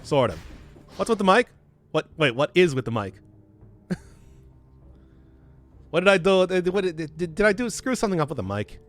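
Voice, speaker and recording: A man with a Midwestern accent talks through a game stream in a higher voice that leaps around animatedly. He rambles, trips over his own sentences and laughs easily, speaking into a desk mic with faint game music underneath. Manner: rambling, self-interrupting, quick to laugh. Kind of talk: live gameplay commentary, chatting with viewers. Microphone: desk mic through a mixer.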